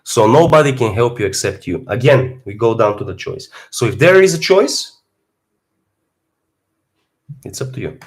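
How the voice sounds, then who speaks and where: A young man with a Bulgarian accent talks casually to his live-stream viewers about fitness. His pitch is mid-range and very lively, and he drops to quiet mutters, then bursts out loudly. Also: normal speed, long pauses. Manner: animated, swings from low mutters to loud outbursts.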